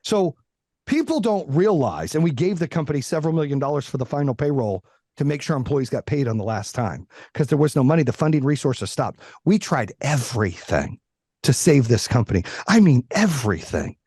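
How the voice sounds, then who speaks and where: A man's voice: mid-range voice, a little fast, breathy edge, no room sound, studio quality. A middle-aged man talking candidly as a podcast guest, blunt and heavy on swearing. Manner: blunt, profane, animated. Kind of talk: candid interview talk.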